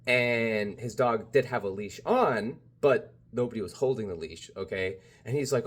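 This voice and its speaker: A man's voice: medium pitch, unhurried. A man vlogging in a casual, rambling monologue, full of "you know", "like" and "bro". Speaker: spiritual vlogger.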